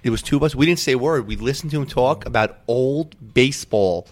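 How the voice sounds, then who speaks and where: A man's voice: mid-range voice, brisk, a little mellow. A man hosting a podcast, talking casually in an enthusiastic, rambling way. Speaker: podcast host. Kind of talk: casual chat.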